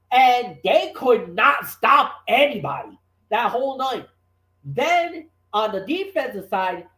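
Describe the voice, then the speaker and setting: A man co-hosting a sports talk show, giving his opinions in an emphatic, animated way with frequent restarts. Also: very high-pitched. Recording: roomy echoey room.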